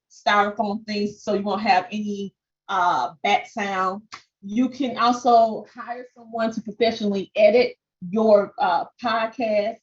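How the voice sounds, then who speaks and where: A woman with a Southern country twang coaching a live webinar, lively and direct, often checking in with "okay?". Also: mid-range voice, lo-fi sound. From Southern United States. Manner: animated, peppers talk with "okay?". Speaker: podcast coach. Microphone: desk microphone.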